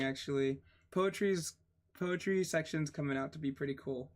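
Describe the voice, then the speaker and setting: A young man reading a textbook aloud with casual asides, pausing to spell out words letter by letter and getting excited over odd spellings. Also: medium pitch, a little hiss or hum. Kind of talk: casual read-aloud with commentary.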